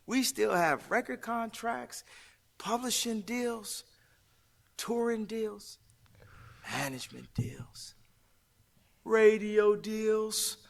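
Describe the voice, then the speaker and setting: Guy with a really high bright voice preaching hard in an interview, rambly, big hall echo. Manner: preachy, emphatic, rambling, laughs often. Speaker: interview guest. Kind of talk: impassioned interview talk.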